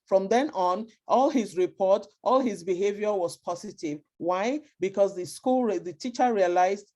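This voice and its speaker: A woman with a mellow, relaxed voice at a steady middle pitch tells a story as part of a talk. She asks rhetorical questions and then answers them herself. She often restarts her sentences and repeats words as she goes. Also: moderate pace, hardly any pauses. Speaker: speaker on schooling and parenting.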